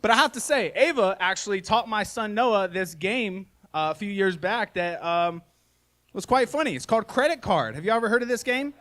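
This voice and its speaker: A man's voice: high-pitched, expressive, moderate pace, a bit bright. A man in his thirties doing live stand-up comedy, telling family stories in a folksy, self-mocking way full of "y'all" and "man.". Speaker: stand-up comedian and podcast host. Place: live comedy show before an audience.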